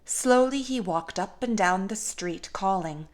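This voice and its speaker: A young woman, a caregiver, reading a storybook aloud in a slow, gentle, expressive way. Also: mid-range voice.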